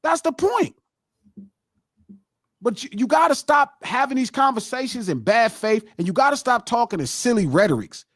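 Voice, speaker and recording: A middle-aged man hosts a live podcast in a heated, profane lecture. His voice sits high and leaps up and down with great animation. The sound is dry and close. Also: animated, normal speed, no echo. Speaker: podcast host.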